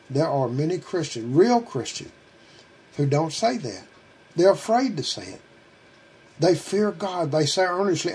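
A middle-aged male preacher delivers an earnest sermon, pressing his listeners with rhetorical questions. His voice sits a little high and has a husky, breathy edge. He pleads more than he commands. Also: lively intonation, moderate pace, darkish tone.

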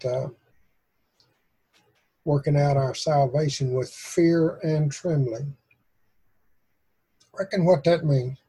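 A man's voice: a little high, mellow, slightly rough, rough recording. A man with a Tennessee Southern accent, hosting a prayer group over a video call in a folksy, joking way. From Tennessee, USA. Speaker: host of an online prayer group. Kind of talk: casual chat on a video call.

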